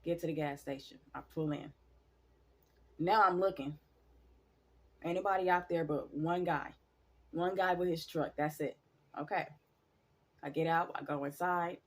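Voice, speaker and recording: A woman telling a spooky personal story in a casual, animated way, addressing her viewers directly and swearing freely. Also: low voice, unhurried, long pauses. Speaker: storyteller vlogger.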